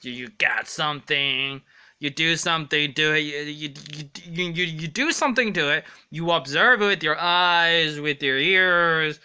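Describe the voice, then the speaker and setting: A man's voice: a little high, sharp tone, clear, resonant tone. A man rambling through a casual vlog monologue, earnest and often stumbling over his words. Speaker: vlogger.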